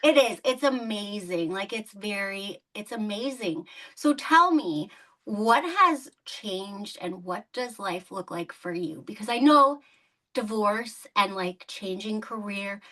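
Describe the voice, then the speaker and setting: Chatty, bright-voiced woman podcast host. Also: medium pitch, expressive, slow. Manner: chatty, laughs often, many "like" fillers. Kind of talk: casual interview chat.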